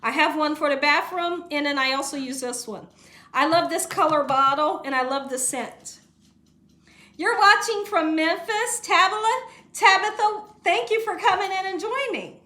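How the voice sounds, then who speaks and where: A woman's voice: very high-pitched, moderate pace, bright, forceful tone. A woman, chatting casually on a cooking livestream in her home kitchen, reading viewer comments aloud and laughing often. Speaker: cooking channel host.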